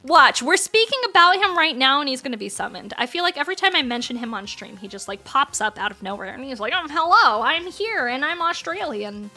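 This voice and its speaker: A woman's voice: high voice, big pitch swings, fast, few pauses, bright, forceful tone. A woman in her thirties chatting casually on a livestream, playful, laughing often and swearing freely. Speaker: streamer.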